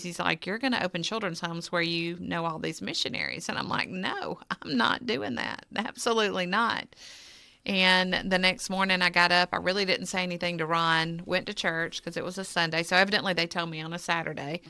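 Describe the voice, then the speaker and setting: Bright gravelly-voiced woman telling a story. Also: on the low side, a little fast, hardly any pauses, no echo. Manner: animated storyteller, acts out quoted dialogue. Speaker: charity co-founder. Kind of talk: personal storytelling in a podcast interview.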